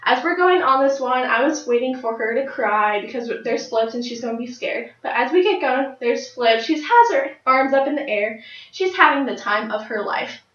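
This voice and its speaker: Young woman of nineteen, fairly high voice, giving a personal story speech, recorded from afar with a muffled sound. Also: moderate pace. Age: late teens. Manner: lively storytelling with high excited jumps. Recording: dull, roomy sound from a distant mic.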